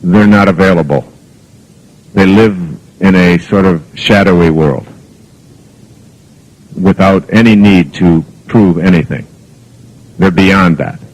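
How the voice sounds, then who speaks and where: A man's voice: sits low, slow pace, long pauses, poor audio. A man giving a spoken lecture to an audience as a motivational speaker, telling anecdotes in an earnest, reflective way with plenty of fillers. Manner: rambling anecdotal storytelling with fillers.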